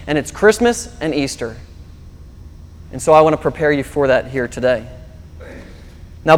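A man preaching a sermon as pastor, telling a story in a lively, animated way. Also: fairly high pitch, big-room sound.

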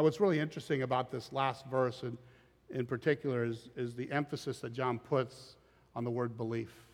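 A man preaching a sermon as pastor, animated and acting out scripture quotes in dramatic voices. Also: mid-range voice. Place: church auditorium. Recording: long reverb of a large hall.

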